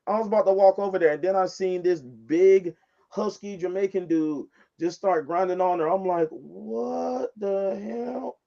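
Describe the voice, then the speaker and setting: A man's voice: high-pitched, normal speed. A man telling stories emphatically as a guest in a casual podcast chat. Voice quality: animated, emphatic storyteller. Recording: dull lo-fi sound.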